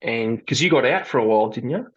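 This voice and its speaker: A man's voice: mid-range voice, fast talker, breathy edge. A man hosts a podcast in an easygoing, chatty manner and laughs with his guest. His voice sits in a middle range. The audio sounds muffled and dull, like a remote recording. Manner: relaxed, laughs along with the guest. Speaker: podcast host. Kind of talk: casual interview.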